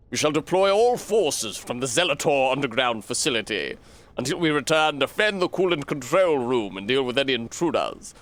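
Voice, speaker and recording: A man's voice: mid-range voice, fairly bright tone, lightly acted. An actor playing a zealous male cult leader giving solemn, proclamatory orders in a video game. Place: game audio played on a stream.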